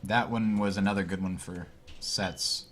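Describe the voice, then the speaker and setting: A man casting a card game tournament, thinking out loud and reacting with puzzled surprise. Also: deep voice, unhurried, slight background noise. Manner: thinks aloud, puzzled and animated. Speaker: tournament commentator. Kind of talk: casual game commentary.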